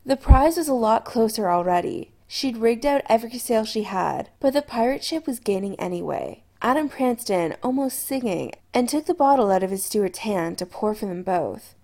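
A woman narrating a story aloud in an expressive, storytelling manner. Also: a little high, moderate pace, few pauses. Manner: expressive storytelling with lively intonation. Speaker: audiobook narrator. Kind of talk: scripted narration.

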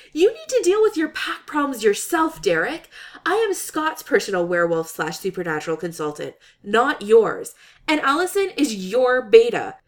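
A woman voicing an excitable, babbling young woman who panics and snaps back loudly in a read-aloud story. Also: high voice, pitched above the performer's own voice. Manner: rapid flustered babble, loud outbursts.

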